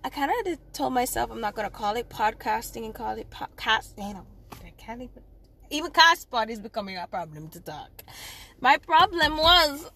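A woman, hosting her own podcast in a rambling, casual solo chat with sudden loud outbursts. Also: fairly high pitch, animated, moderate pace. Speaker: podcast host.

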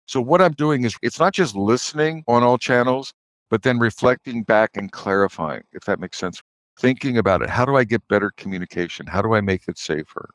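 A man's voice: medium pitch, lively intonation, moderate pace, no echo. A man who coaches leaders, giving a conversational interview answer and explaining with examples and acted-out quotes. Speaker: guest author and leadership coach.

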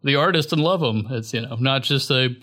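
A man's voice: medium pitch, brisk, sharp tone. A young man chatting casually as a podcast guest, rambling loosely with lots of filler words. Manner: rambling, filler-heavy, laid-back. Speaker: guest musician.

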